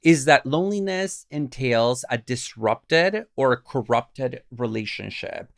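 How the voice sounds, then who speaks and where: Man, co-host; gravelly, dry close sound, measured explanations. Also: mid-range voice, animated, no echo. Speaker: podcast co-host. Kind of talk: casual philosophical discussion.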